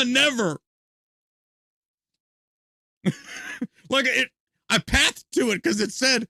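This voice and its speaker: High gravelly-voiced man ranting profanely. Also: drawn-out words, pauses often, no room sound, clean studio sound. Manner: profane, animated ranting with frequent laughs. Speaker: game streamer. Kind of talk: live gameplay commentary and ranting.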